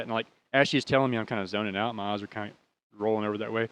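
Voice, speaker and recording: A man's voice: lowish voice, steady tone, very fast, fairly bright tone, smooth. A young American man tells a personal story in an easy, rambling way. His speech is casual and full of swearing, with emotion running through it. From United States. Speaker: podcast host.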